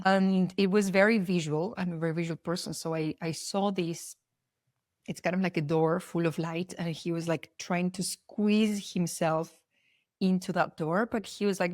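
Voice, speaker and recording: A woman's voice: lowish voice, steady tone, normal speed, darkish tone, dry recording, clean studio sound. A young adult woman hosting a personal podcast, talking in an earnest, heartfelt way with loose, rambling sentences and frequent restarts. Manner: earnest and heartfelt, openly spiritual. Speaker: podcast host.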